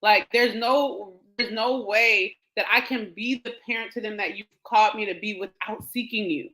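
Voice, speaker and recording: A woman hosting a show, telling a personal story in a casual, animated way with frequent laughter. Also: mid-range voice, normal speed, poor audio. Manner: animated, laughing often, quotes others in dialogue. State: emotional, near tears. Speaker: podcast host.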